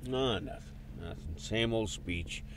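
An actor playing a blunt, impatient middle-aged businessman and father, gruff and scornful. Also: lowish voice, unhurried, background noise. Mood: brisk.

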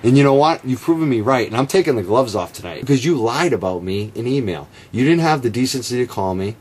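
A man's voice: medium pitch, expressive, fast, darkish tone, slightly rough. A man delivering a combative, sarcastic rebuttal straight to camera, calling out his opponent by name. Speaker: marijuana reform activist. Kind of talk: direct-to-camera rebuttal rant.

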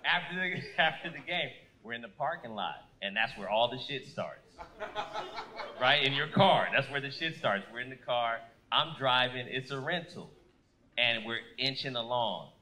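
A man doing a stand-up comedy set, telling a story slowly and deliberately until it builds to shouting. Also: medium pitch, animated. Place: comedy club stage. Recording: noisy live club recording.

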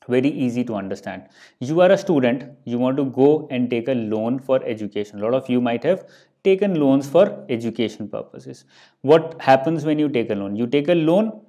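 In an explanatory lecture, a young man with an Indian English accent teaches finance terms for exams using worked examples. His mid-range voice is warm, and he often says "let's say" and "okay."

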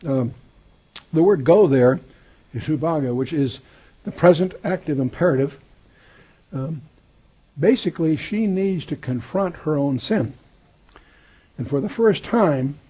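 Husky-voiced male Bible teacher, lo-fi. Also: a little high, animated, a little slow, long pauses, warm tone. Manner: conversational, wry asides and digressions. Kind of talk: verse-by-verse Bible study lecture.

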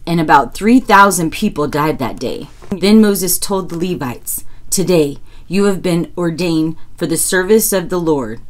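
A woman reading scripture aloud in a steady, measured way, lifting her voice for the quoted speech. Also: on the low side. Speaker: Bible reader.

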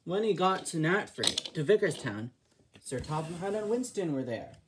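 A woman's voice: lowish voice, big pitch swings, normal speed, noisy background. A woman narrating a fan-made railway storybook in a plain reading manner.

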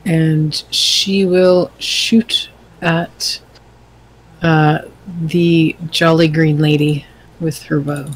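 A player in a tabletop game, talking slowly and hesitantly with many ums. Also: mid-range voice, flat delivery, low-quality recording.

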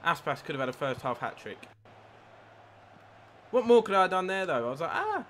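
A man live-streaming a football video game, commentating his own play, reacting loudly to chances and thanking new followers. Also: a little high, fairly quick, a little hiss or hum. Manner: excitable, swears at the game, reads out followers. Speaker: gaming streamer. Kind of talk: live gameplay commentary with chat.

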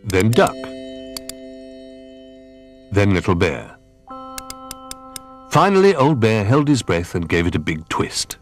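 A man reading a children's storybook aloud as narrator, gentle and unhurried. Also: lowish voice, very animated, faint music behind.

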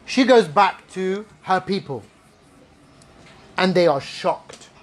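A high-pitched male preacher gives an Islamic talk to a gathered live audience. He is animated and playful, holding the room with rhetorical questions and quick asides.

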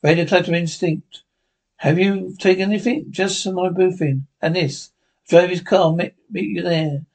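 Male script reader, high gravelly voice, all parts and stage directions. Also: fairly even intonation, moderate pace, a little mellow. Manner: voices every part and reads stage directions aloud. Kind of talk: reading a TV drama script aloud.

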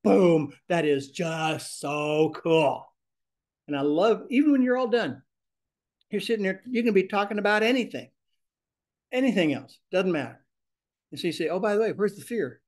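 With a fairly high voice, a man teaches a ministry class at a moderate pace with long pauses. He's lively and expressive, speaking the sample prayers aloud as the lesson unfolds.

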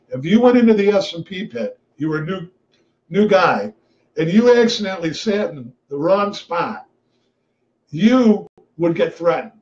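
Blunt, profane man telling trading stories. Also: sits high. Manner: blunt, profane, animated storyteller. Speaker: webinar host, trader. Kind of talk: casual storytelling. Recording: dull lo-fi webinar audio.

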